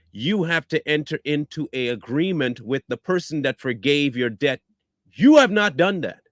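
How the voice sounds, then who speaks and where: A man's voice: a little high, no room sound, studio quality. A man giving combative reaction commentary, blunt and scornful, firing rhetorical questions and repeating himself for emphasis. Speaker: online commentator.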